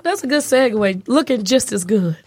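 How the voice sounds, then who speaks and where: A woman co-hosting a podcast in casual, playful chat, her voice husky and lowered. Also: expressive, moderate pace, a little mellow. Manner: chatty, laughs easily, playful. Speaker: podcast co-host.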